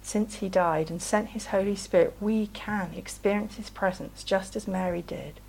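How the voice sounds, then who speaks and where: A woman giving a gentle, conversational sermon, often asking the listeners tag questions. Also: mid-range voice, steady tone, moderate pace, creaky, a little hiss or hum, rough recording. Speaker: preacher.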